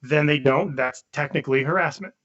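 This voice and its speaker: A man co-hosting a casual podcast, giving his opinions in a halting way with frequent restarts. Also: on the high side, a bit bright, lo-fi sound, a little hiss or hum. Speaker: podcast co-host.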